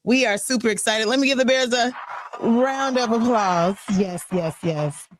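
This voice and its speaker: A woman's voice: a little high, steady tone, normal speed, slight background noise. A woman hosting a live radio talk show, chatty and playful, with a bubbly, upbeat way of talking. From Chicago. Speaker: radio host.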